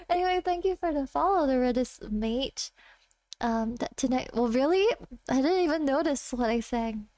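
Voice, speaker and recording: A woman VTuber streaming from home, chatting casually with her viewers between karaoke songs, giggling and breaking into quick asides as she reads the chat. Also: sits high, expressive, darkish tone, dry recording, studio quality. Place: home room.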